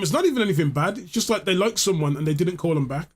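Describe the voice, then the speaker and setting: High-voiced rambling man. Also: animated, fast talker, slightly rough. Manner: rambling, joking, swears, acts out voices. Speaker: streamer. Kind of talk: casual chat.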